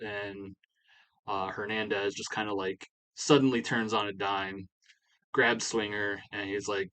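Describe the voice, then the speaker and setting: A man's voice: fairly low pitch, fairly even intonation, measured pace, sharp tone, low-quality recording. A young adult man casually recapping a wrestling management sim in a rambling way, full of "you know" fillers. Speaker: let's play creator.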